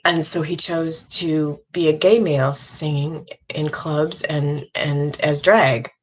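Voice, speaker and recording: Woman, middle-aged, earnest halting monologue, slow delivery, low voice. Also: steady tone, slight background noise, low-quality recording. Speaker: psychic medium. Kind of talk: casual monologue.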